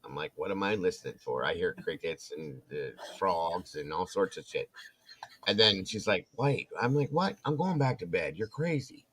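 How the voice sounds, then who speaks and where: A man with a low voice that swings widely as he talks, telling a casual story and acting out the people in it. He jumps up into quoted voices and then drops back down into relaxed chat. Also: moderate pace. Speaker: co-host.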